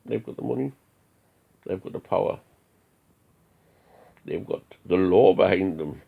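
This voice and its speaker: A man's voice: low voice, measured pace, creaky, pauses often, breathy edge. A man from an Odinist group giving a preachy, defiant rant full of rhetorical questions. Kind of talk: ranting monologue. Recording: tinny phone-like audio.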